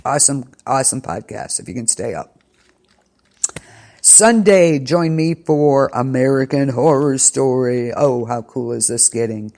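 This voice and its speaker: Woman host, gravelly voice, rambling and casual, pre-recorded show wrap-up. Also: rumbling low, a little slow, warm tone. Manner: rambling, with many ums and restarts. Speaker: internet radio show host. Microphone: studio mic, pre-recorded.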